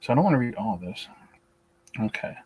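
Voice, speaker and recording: A beekeeping channel host runs a casual livestream, reading through and answering a list. His fairly low male voice is sing-song, mellow and slightly rough, fairly quick, and shaky. Blunt and opinionated, he often restarts sentences; the recording is dry and rough.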